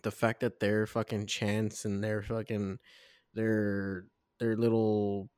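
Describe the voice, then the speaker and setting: A man's voice: on the low side, little pitch movement, slow, darkish tone, clear, resonant tone, dry recording, studio quality. A young man co-hosting a casual podcast, talking in a laid-back, rambling, profane way. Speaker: podcast co-host.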